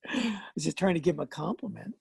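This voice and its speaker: An older man, a veteran actor and voice artist, telling animated stories in a casual interview, laughing and acting out what people said. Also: sits high, fast talker, creaky, a little hiss or hum. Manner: animated, laughing, acts out quoted lines.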